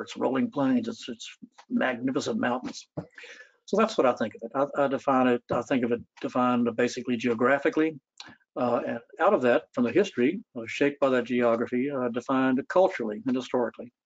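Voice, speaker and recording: A man speaking as a historian at a public talk, thoughtful and storytelling, with many pauses and fillers. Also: mid-range voice, muffled recording.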